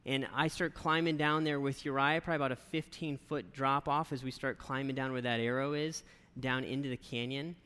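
A man preaching a sermon as a pastor, telling a story in a lively, conversational way and often checking in with "right?". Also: mid-range voice, a little fast, clean tone. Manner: animated storyteller, conversational, keeps asking "right?". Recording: long reverb of a large hall.

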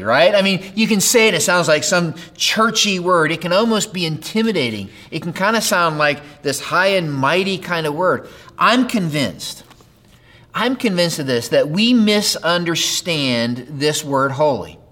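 Conversational preacher, man, fairly high voice. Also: fairly bright tone. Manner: conversational preaching with rhetorical questions and repetition. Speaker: pastor. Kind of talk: sermon.

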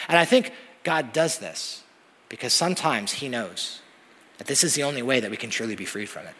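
Husky-voiced pastor preaching in a hall. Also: male voice, medium pitch, brisk. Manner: animated storytelling, rising to loud emphatic peaks. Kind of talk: sermon. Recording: long hall reverb.

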